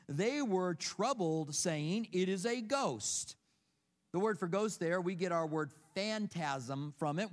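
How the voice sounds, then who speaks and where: A man's voice: high-pitched, big-room sound. A middle-aged male pastor preaching a sermon, telling stories conversationally and asking rhetorical questions. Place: church sanctuary.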